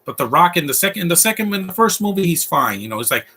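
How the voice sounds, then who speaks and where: A man's voice: high-pitched, big pitch swings, quick pace, sharp tone, a little hiss or hum. A man giving casual live commentary over a movie, rambling and laughing often. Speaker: film commentator.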